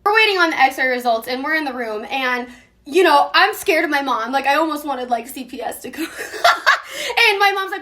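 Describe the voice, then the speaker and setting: A woman in her thirties telling a casual, animated story, swearing and laughing as she goes. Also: sits high, a little fast.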